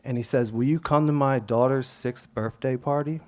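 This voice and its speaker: A man's voice: medium pitch, normal speed. A young adult man telling a personal story on stage, acting out the voices and dropping to whispers at times. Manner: animated, acts out quotes, drops to whispers.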